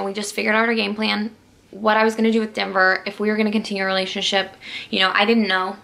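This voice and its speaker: A young woman vlogger tells a personal story to the camera, rambling and emotional, full of "like"s and restarts. Her mid-range voice is gravelly and bright, with a forceful tone.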